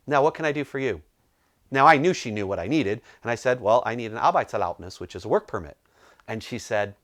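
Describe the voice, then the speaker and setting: A middle-aged man coaching through a personal story, his voice sitting at an ordinary mid pitch. He talks to the camera in an animated way and jumps up in pitch whenever he acts out what other people said. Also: fairly quick. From United States. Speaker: business coach.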